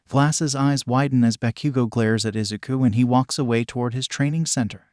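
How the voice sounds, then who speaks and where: A man reads a fan fiction story aloud at an even, unhurried pace. His voice sits in a middle pitch, and the recording is dry and close, with no room sound. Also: dry recording. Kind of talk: steady story narration.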